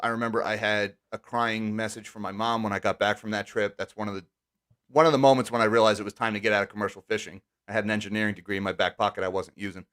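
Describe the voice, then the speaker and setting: A man hosting a live stream, talking casually and wryly, with quick sarcastic asides. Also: on the low side, fairly bright tone. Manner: chatty, wry, quick asides. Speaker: livestream host.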